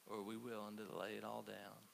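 A man preaching a conversational sermon, telling stories with halting restarts. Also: on the low side, monotone, creaky. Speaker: pastor. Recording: faint hiss.

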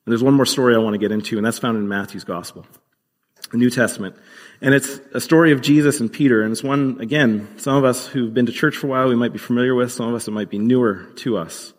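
A man's voice: mid-range voice, fast talker, big-room sound. A man preaching a sermon as pastor, earnest and conversational, with occasional fillers.

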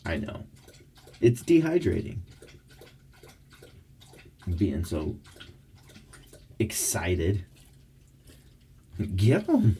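A man, the host of a podcast, chatting in baby talk to his pet dog in a studio, his voice swooping up into high squeals. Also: animated, slow pace, creaky, pauses often, mellow, husky. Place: recording studio.

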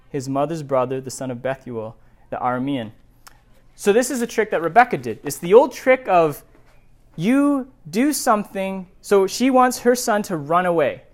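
A male pastor with a slightly high voice delivers a sermon, reading scripture aloud and breaking off into animated, digressive asides.

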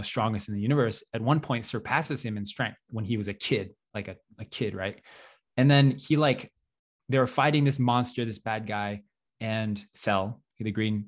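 A young man co-hosting a podcast, chatting casually, rambling with lots of fillers and little laughs. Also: medium pitch. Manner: rambling, self-deprecating, laughs often, many fillers. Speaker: podcast co-host.

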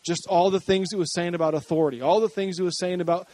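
A man with a high voice preaches a lively sermon to his congregation. His tone climbs as he builds energy, with light jokes along the way. The sound is close and dry. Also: fast, dry recording. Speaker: pastor.

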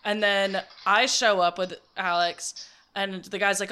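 A woman's voice: mid-range voice, little pitch movement, unhurried, sharp tone, clear, resonant tone. A woman from the United States telling a story in casual, laughing chat with friends.

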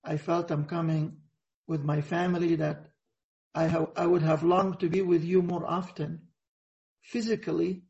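Man, sermon over a video call, raspy fry, slow unhurried delivery. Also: fairly high pitch, level tone, a little mellow, dull audio. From Egypt. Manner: earnest, reflective, halting with frequent pauses. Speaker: preacher.

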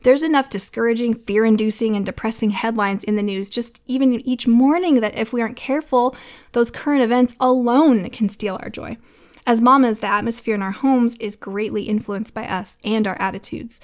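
A woman's voice: on the high side, a little fast. A woman in her thirties hosting a faith-based podcast for mothers, talking earnestly and laughing often. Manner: earnest, warm-hearted, laughs often, tears up reading lyrics. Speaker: podcast host.

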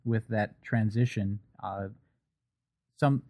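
A man, the host, asking measured, thoughtful interview questions. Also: on the low side, warm tone.

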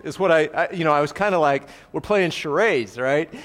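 A man's voice: a little high, moderate pace, fairly bright tone. Middle-aged male pastor, reverberant hall. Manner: conversational, frequent asides and checks with the audience. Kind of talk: expository sermon.

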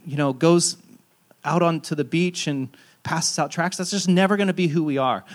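A man delivers a sermon in a chatty, storytelling manner, poking gentle fun at himself. His voice sits a bit higher than most men's. He sounds like a pastor in his thirties talking to his congregation. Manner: conversational, self-deprecating storytelling.

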